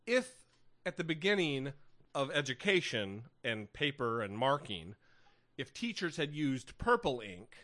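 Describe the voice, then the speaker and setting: A man's voice: mid-range voice, sing-song, a little slow, fairly bright tone. A man co-hosting a comedy podcast, joking and rambling with frequent restarts in casual chat. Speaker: podcast co-host.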